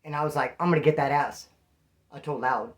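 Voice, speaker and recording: Ex-con dude telling a story real fast, slangy and rambly, acts out the back-and-forth. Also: male voice, on the high side, steady tone. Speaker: former prisoner telling prison stories. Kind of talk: casual first-person storytelling.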